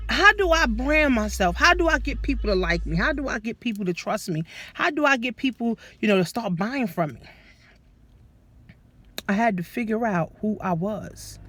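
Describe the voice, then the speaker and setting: A woman business coach, giving an animated, profane motivational talk straight to her listeners. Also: mid-range voice, moderate pace, no echo.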